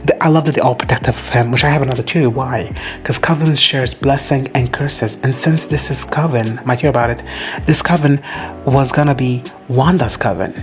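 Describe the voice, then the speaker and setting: A man giving a casual reaction recap of a TV episode, gushing, swearing freely and briefly acting out characters in quick high voices. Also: faint music behind. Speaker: reaction vlogger.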